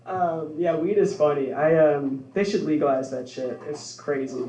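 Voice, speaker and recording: Young man doing deadpan stand-up. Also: a little high, moderate pace. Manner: deadpan, laughs at own jokes. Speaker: stand-up comedian. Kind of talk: stand-up set. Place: bar social club stage, heard from afar. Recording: echoey club from far off.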